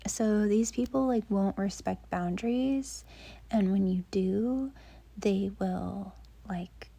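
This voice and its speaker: A young woman gives dating advice in a soft whisper, drifting along at an unhurried pace. Her voice is mellow and breathy, with a gravelly edge running through it. She rambles gently, leaning on filler words as she works through her thoughts. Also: mid-range voice.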